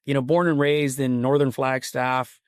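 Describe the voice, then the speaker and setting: A man's voice: mid-range voice, flat delivery, moderate pace, smooth, dry recording, studio quality. A man, a podcast guest, telling a long personal story in a casual, rambling and earnest way. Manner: rambling, earnest, full of "like" and "you know". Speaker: podcast guest, company CEO.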